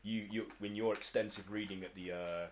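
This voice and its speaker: A man's voice: lowish voice, steady tone, fairly quick, over a noisy crowd. British man rambling as game master. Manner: rambling, stammering narration. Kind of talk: narrating a tabletop game.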